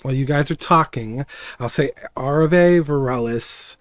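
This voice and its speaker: A game master narrating a tabletop role-playing game in a relaxed, plain way. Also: mid-range voice, a little slow, no echo, faint music behind.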